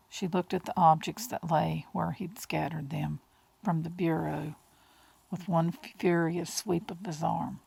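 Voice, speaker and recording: A woman reading an audiobook in a slow, hushed way, with breathy whispered words. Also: low voice, steady tone, no echo, rough recording. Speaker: audiobook narrator. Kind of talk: audiobook narration.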